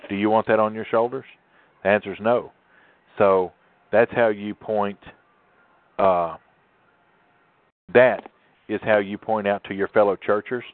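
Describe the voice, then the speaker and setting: A man hosting a talk show, a pastor speaking with emphatic, sermon-like conviction and drawing out key words. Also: on the low side. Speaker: host and pastor. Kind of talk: preachy radio talk. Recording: tinny phone line, dry.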